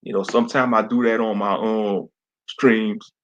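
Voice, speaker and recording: A man's voice: on the low side, steady tone, normal speed, a bit bright, a little hiss or hum. A man hosting a casual online commentary stream, blunt and slangy, laughing often.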